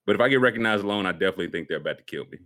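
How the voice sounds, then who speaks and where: A man's voice: low voice, animated, very fast, fairly bright tone, slight background noise. A man hosting a podcast in casual chat, joking and putting on silly voices as he tells stories. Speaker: podcast host.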